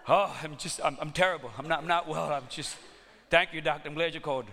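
A man's voice: fairly high pitch, steady tone, fast, sharp tone, big-room sound. A man voicing a distressed sick man on the phone, groaning and stammering in pain.

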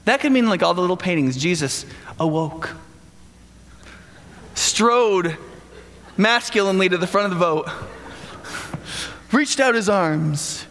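Lively, bright-voiced male preacher in a hall. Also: high-pitched, a little slow, long pauses, a little hiss or hum. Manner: casual, humorous storytelling with acted-out voices. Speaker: pastor. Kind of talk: sermon. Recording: long hall reverb.

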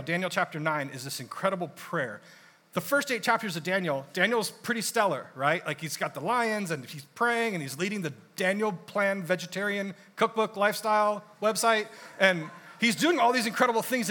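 A young adult man preaching a sermon in a conversational, animated storytelling way with casual asides. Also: high-pitched. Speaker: pastor.

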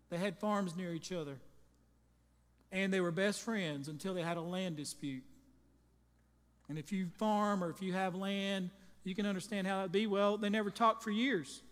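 Preaching man with a high voice in a reverberant church. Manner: emphatic preaching, storytelling with folksy asides. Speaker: pastor. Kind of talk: sermon. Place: church sanctuary. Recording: long reverb in a large hall, music behind.

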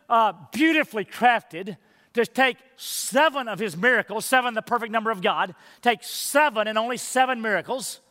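High-voiced preaching man in reverberant church. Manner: emphatic, building to stressed phrases then dropping to hushed, intimate tones. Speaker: pastor. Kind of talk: sermon. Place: church sanctuary.

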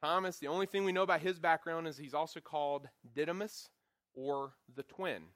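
Male Bible teacher, slightly high voice, playful lecturing with acted-out quotes. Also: a little fast, no room sound, clean studio sound. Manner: animated, acts out quotes with voices; jokey, self-deprecating asides.

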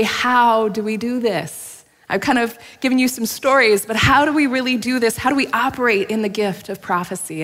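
A woman's voice: fairly high pitch, a bit bright. A woman pastor giving a sermon, telling a personal story candidly, laughing at herself now and then. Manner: candid, self-deprecating storytelling with frequent laughs. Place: church sanctuary. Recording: long hall reverb.

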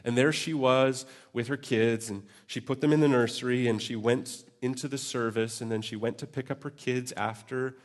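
A man preaching a Sunday sermon, reading scripture and telling stories, slipping into lively voiced quotes. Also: mid-range voice, normal speed, hardly any pauses. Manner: animated storytelling with voiced quotes. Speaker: pastor.

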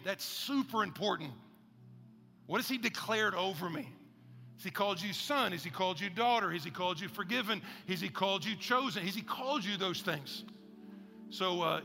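A man's voice: high-pitched, gravelly, pushed and bright, in a large hall. A male pastor preaching a sermon in a conversational, joking way, leading the congregation in spoken declarations.

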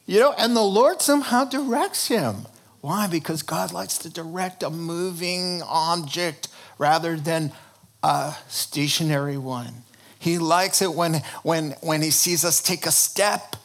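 Animated, humorous preacher man. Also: on the high side, measured pace. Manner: animated, humorous storytelling with frequent restarts. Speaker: pastor. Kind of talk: sermon.

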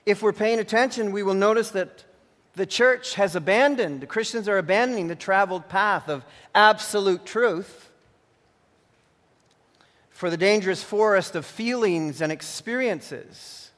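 A man's voice: high voice, measured pace, a bit bright. A man preaching a sermon as pastor in an earnest, warning manner, also narrating a story. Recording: long hall reverb.

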